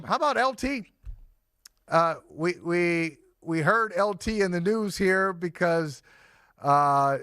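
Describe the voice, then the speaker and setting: A man's voice: high-pitched, bright, forceful tone, no room sound, clean studio sound. A man co-hosting a sports talk show, chatting conversationally and restarting sentences with fillers.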